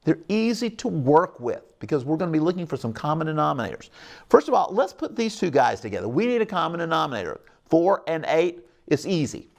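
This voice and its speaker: A man's voice: on the high side, sing-song, brisk, gravelly. A middle-aged man hosting a televised math lesson, upbeat and coaxing, often checking in with his viewers. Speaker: math teacher hosting a call-in show.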